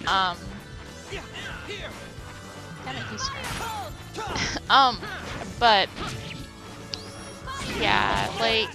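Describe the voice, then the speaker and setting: A young woman with a medium-pitched voice casually comments on her own gameplay as a let's play host, giggly and chatty with lots of fillers. Game music plays behind her, and the recording quality is low.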